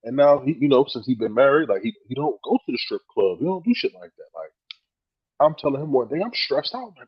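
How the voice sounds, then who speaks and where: A man's voice: medium pitch, sing-song, a little fast, slightly rough, muffled recording. A man co-hosting a casual podcast, telling stories with lots of swearing and acting out his friends' quoted words. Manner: swears freely, many "like" fillers. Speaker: podcast co-host.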